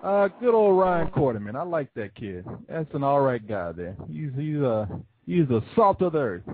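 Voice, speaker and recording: A man's voice: fairly high pitch, very animated, moderate pace, slight background noise. Joking call-in host man over phone line. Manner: loose, joking, swears freely, shouts quoted voices. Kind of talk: casual call-in chat. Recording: tinny phone-line sound.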